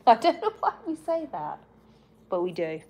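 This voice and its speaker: Slow-talking chatty woman live-streaming. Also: on the high side, wildly swooping pitch, dark tone, husky. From England. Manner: chatty and giggly, talking to viewers and her bird. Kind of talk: casual live-stream chat.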